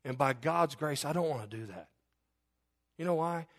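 A middle-aged man preaching from the pulpit, his pitch sitting a little high and swinging widely as he presses a point. He talks to the congregation in a candid, conversational way, firing off rhetorical questions. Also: animated, moderate pace. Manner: confessional, candid storytelling. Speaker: pastor. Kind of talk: sermon.

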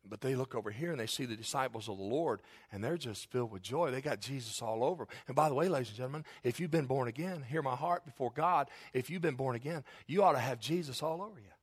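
A man from Kentucky, preaching an impassioned sermon. He builds to shouted emphasis and calls out for amens. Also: mid-range voice, quick pace, hardly any pauses, husky. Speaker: pastor.

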